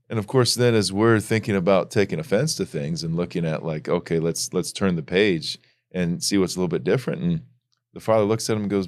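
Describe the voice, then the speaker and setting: A middle-aged man co-hosting a casual faith podcast, telling stories in a loose, animated way. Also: low voice, fairly quick, dry recording. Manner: storytelling, animated when retelling. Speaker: podcast co-host.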